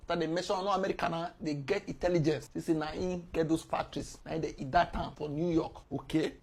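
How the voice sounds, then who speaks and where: Nigerian woman, husky voice, lively storyteller, casual news explainer, chuckles often. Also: on the low side. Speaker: host.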